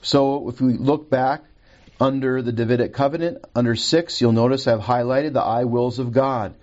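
A man's voice: mid-range voice, fairly even intonation, normal speed, a little mellow, dull audio. A man teaching a recorded Bible lesson from a handout, reading scripture aloud and checking his notes as he goes.

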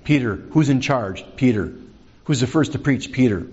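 A man's voice: mid-range voice, expressive, normal speed, darkish tone, breathy edge, dull audio. A man preaching a sermon as pastor, conversational, asking the congregation questions.

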